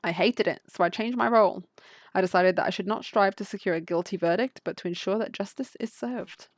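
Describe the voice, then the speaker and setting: A woman's voice: medium pitch, a little fast, no room sound, lightly acted. A woman reading the lines of a principled male wolf prosecutor from a game, in earnest, reflective speech.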